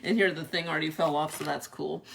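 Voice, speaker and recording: A woman's voice: sits low, steady tone, fast, vocal fry, a bit bright, slight background noise. A young woman chatting casually through an unboxing video, laughing often between her remarks. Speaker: vlogger reviewing a product.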